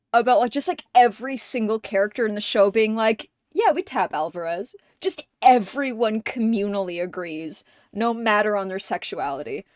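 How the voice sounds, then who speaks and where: A woman streamer chatting casually with her viewers, animated and profane, laughing often and acting out quotes in squeaky voices. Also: dry recording, studio quality.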